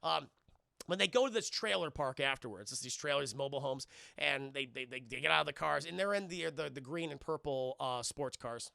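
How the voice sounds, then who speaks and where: A man's voice: mid-range voice, a little fast, creaky, pushed and bright, no room sound, clean studio sound. A man streaming live, recapping a film scene by scene in a rambling, profane way, laughing often and acting out lines.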